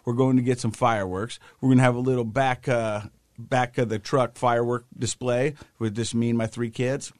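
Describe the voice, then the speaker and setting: A man in his thirties co-hosting a casual chat show, telling a story with lively acted-out quotes. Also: medium pitch, normal speed, no room sound, clean studio sound. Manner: animated storyteller who acts out quotes. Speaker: podcast co-host.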